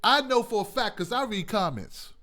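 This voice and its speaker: A man hosting a call-in show, talking in an animated, rambling, profane monologue, often laughing. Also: sits high, normal speed. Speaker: host.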